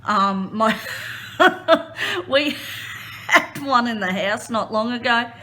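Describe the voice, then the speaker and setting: A woman chatting casually as she crafts, retelling a story in an expressive, animated way. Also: fairly high pitch, unhurried, a little hiss or hum. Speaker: crafting vlogger.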